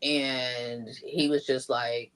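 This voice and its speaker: A woman's voice: rumbling low, steady tone, drawn-out words, a bit bright, smooth. A woman telling her own story as a guest, chatty, with many "like" fillers, raising her voice when she acts out what others said. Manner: chatty, acts out quoted lines in a raised voice; heavy use of "like" fillers. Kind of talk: personal storytelling.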